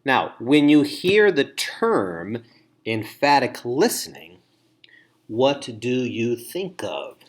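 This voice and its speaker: A man giving a training lecture on listening to foster parents, repeating key phrases and acting out example remarks. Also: fairly low pitch.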